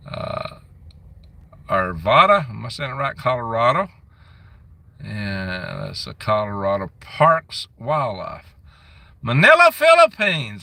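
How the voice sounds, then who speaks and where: A man's voice: fairly low pitch, creaky, bright, forceful tone, no room sound, far from the mic. A man hosting a casual live stream on his phone, chatting and grumbling as he reads out where viewers are from. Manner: reads out viewer comments and locations.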